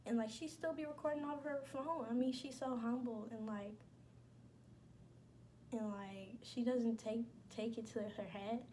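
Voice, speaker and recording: A young adult woman vlogger chats casually with her viewers, blunt, slangy, and emphatic. Her voice is a little high, steady, unhurried, and mellow, with slight background noise.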